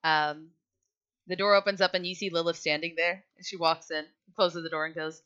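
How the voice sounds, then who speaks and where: A woman game master narrates a tabletop game in a casual, joking way, swearing freely. Her voice is bright and forceful, heard through a slightly dull, lo-fi mic. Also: lowish voice, fairly even intonation, normal speed, smooth.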